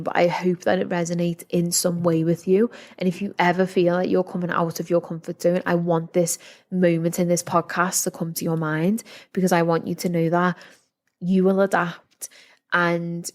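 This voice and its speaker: A young woman talks through a solo podcast in a low, fairly flat voice. She rambles earnestly, full of fillers and restarts, the tone of a candid personal chat. She records at home in a house set in a forest. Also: moderate pace. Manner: rambling, heavy use of "like", earnest. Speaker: podcast host. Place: house in a forest, window open.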